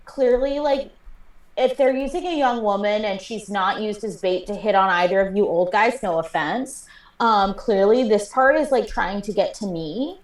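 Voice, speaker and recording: A woman's voice: mid-range voice, distant mic. A young woman playing a character in a tabletop game, rambling with lots of fillers. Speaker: player. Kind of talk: in-character improvised role-play. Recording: roomy sound from off-mic.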